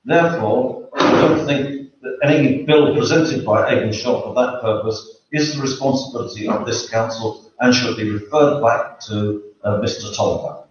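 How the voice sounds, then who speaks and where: A man making a formal public comment at a council meeting, measured and deliberate with hesitant fillers. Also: mid-range voice. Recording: echoey room, far from the mic, dull sound, faint noise.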